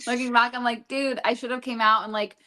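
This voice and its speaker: A woman's voice: fairly high pitch, little pitch movement, fairly quick, sharp tone. A young woman guesting on an interview podcast, chatting casually as a reality TV contestant, rambling with lots of "like". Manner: rambling, filler-heavy storytelling with lots of "like".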